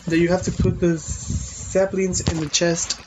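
A woman's voice: on the low side, little pitch movement, measured pace. A woman chatting casually while playing a game, playful and often chanting. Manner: playful, chants and sings snatches of songs. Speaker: gamer. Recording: noisy home recording.

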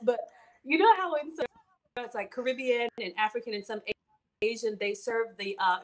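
A woman hosting a cooking video, giggly and excitable, often breaking off and restarting sentences. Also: on the high side, moderate pace. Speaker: cooking show host. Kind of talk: casual chat on a video call.

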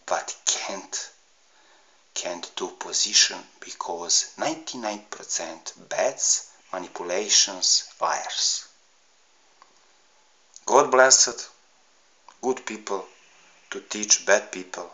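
A middle-aged man from Serbia with a Serbian accent, ranting to camera in halting, broken English, heated and pleading. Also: low voice, bright, forceful tone, low-quality recording. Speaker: vlogger. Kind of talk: emotional rant to camera.

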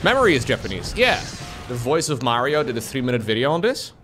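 A man's voice: medium pitch, big pitch swings, quick pace, fairly bright tone, faint music behind. A man from the Netherlands, a streamer joking sarcastically with his chat. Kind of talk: casual chat with viewers.

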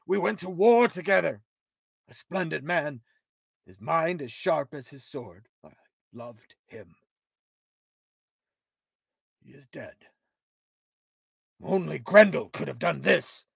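A man's voice: fairly high pitch, animated, slow, vocal fry, long pauses, slightly rough, no room sound, clean studio sound, voice pushed up, exaggerated voice. A man reading aloud as an aging king who is stricken with grief and furious for revenge, crying out and bellowing orders. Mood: grieving. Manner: anguished cries and bellowed orders.

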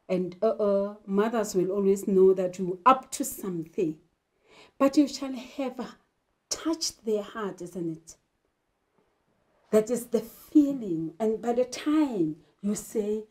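A woman's voice: medium pitch, animated, a little slow, darkish tone. A woman teacher from South Africa giving an English literature lesson, emphatic and asking rhetorical questions. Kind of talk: classroom lesson.

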